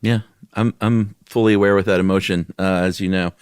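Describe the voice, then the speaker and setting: A man co-hosting a podcast in casual chat, relaxed, rambling and self-deprecating. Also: low voice, brisk, clean tone, no echo, clean studio sound. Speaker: podcast co-host.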